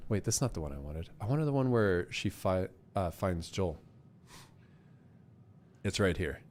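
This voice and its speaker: A congested male streamer chatting his way through a game in a fairly low voice that leaps up high whenever he gets excited. He thanks donors with bursts of enthusiasm and keeps up a loose, running commentary. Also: unhurried, long pauses, a little hiss or hum. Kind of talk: casual live gameplay commentary.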